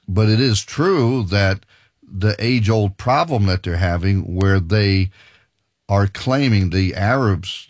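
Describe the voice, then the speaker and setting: A male preacher delivers a sermon and reads scripture aloud. His voice sits on the low side. He is emphatic but halting, often restarting and doubling his words, and the recording is dry and close. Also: darkish tone, no echo. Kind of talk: sermon with Bible reading.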